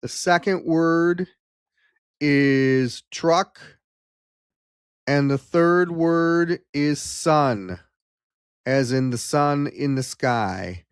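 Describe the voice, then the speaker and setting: A man hosting a casual live-stream talk show on hypnosis, rambling with many ums and restarts, then leading a calm guided memory exercise. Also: on the high side, drawn-out words, pauses often, clean tone, no echo, clean studio sound.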